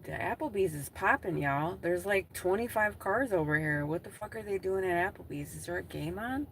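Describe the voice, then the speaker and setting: A woman's voice: fairly low pitch, animated, normal speed, a little hiss or hum. A woman from Wisconsin, livestreaming casually from inside her car during gig work, talking to her chat in a blunt way, swearing freely and laughing often. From Wisconsin, USA.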